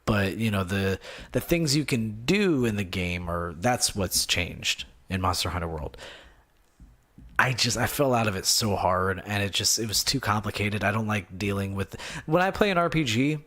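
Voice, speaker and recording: Excitable rambling man on a gaming podcast. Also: lowish voice, moderate pace. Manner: rambling, excitable, swings from mumbling to loud outbursts. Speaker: podcast host. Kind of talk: casual solo gaming podcast.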